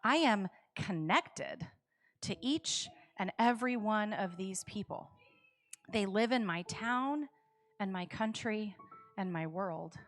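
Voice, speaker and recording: A woman giving voice to a gentle, caring woman who speaks softly and slowly to reassure others. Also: mid-range voice, lively intonation, faint music behind. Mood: earnest.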